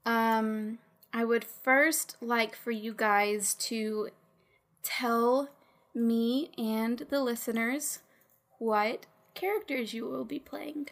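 Woman GM, high voice, rambling, giggly podcast host. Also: fairly even intonation, drawn-out words, vocal fry. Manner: chatty, giggly, rambling with fillers. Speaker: game master. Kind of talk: casual podcast chat.

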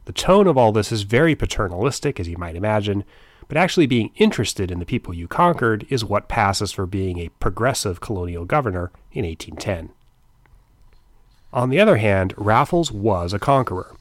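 A middle-aged man with a lowish voice narrates history for his podcast. His delivery is scripted but informal, full of dry, wry asides. The sound is close and dry, with no room around it. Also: expressive, brisk, no room sound.

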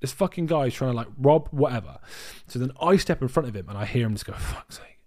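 A man's voice: medium pitch, fast. A young man co-hosting a podcast, telling travel stories in casual chat and swearing freely. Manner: swears a lot, animated storytelling. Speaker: podcast co-host.

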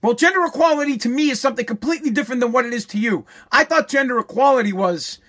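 A man's voice: very high voice, racing, fairly bright tone. A man hosting a show, delivering a heated, profane opinion rant and repeating phrases for emphasis.

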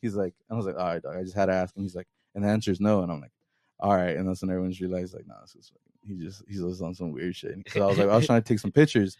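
A man's voice: deep voice, rapid-fire, dark tone, no echo, clean studio sound. A man telling a rambling, profane story in casual podcast chat, often laughing as he retells it. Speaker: podcast host.

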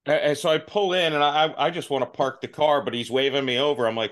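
A man's voice: fairly high pitch, fast. A man hosting a podcast interview who chats casually and hesitantly, with many fillers. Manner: relaxed, hesitant with fillers, laughs along. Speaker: podcast host.

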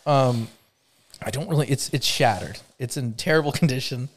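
A man's voice: mid-range voice, normal speed. A man hosting a podcast in casual chat, joking and teasing his guests and laughing often. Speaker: podcast host. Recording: podcast mic.

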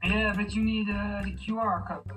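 Man, English, halting, repeats words, casual podcast guest, music audible behind. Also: sits high, steady tone, a bit bright, rough recording. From Netherlands. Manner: halting non-native phrasing, repeats words.

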